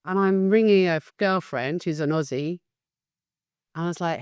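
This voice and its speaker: A woman in her fifties recounts her own story on a podcast, candid and animated, leaning hard on key words. Her voice sits low, and the recording is dry and close. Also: moderate pace, clean tone, dry recording. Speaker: guest, facilitation business founder. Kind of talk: podcast interview, personal storytelling.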